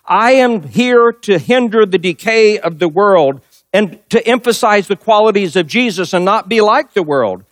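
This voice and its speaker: A man's voice: sits high, lively intonation, moderate pace, no echo, studio quality. A middle-aged male pastor preaching a sermon, telling a personal story and driving points home with emphatic repetition.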